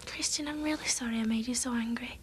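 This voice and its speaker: An actress as a soft, apologetic young wife. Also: female voice, fairly high pitch, fast talker, slight background noise, natural voice.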